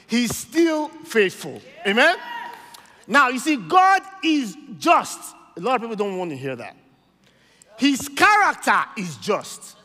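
High, bright Nigerian preacher in a reverberant hall. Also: male voice. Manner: emphatic call-and-response preaching, frequent "amen?". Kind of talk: sermon.

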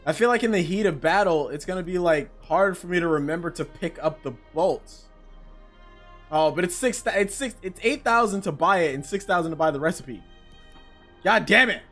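A man giving casual let's-play commentary, excitable, swearing and reading game text aloud. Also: high-pitched, moderate pace, faint music behind. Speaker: gaming channel host.

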